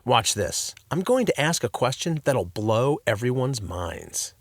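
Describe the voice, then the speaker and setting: A man's voice: medium pitch, very animated, a little slow, no room sound, studio quality. A man voicing a goofy, overeager dad who plays detective, talking in a theatrical, conspiratorial way in a storybook reading.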